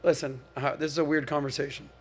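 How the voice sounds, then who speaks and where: A man from Miami hosting a podcast, telling stories in an animated, emphatic and conversational way. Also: on the high side, quick pace, husky. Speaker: podcast host. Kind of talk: casual panel discussion.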